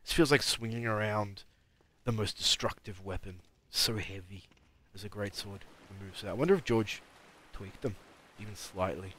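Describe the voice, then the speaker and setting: A man's voice: lowish voice, normal speed, fairly bright tone, husky. A man giving rambling live commentary while playing a game, mumbling and talking back at the enemies on screen. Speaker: streamer.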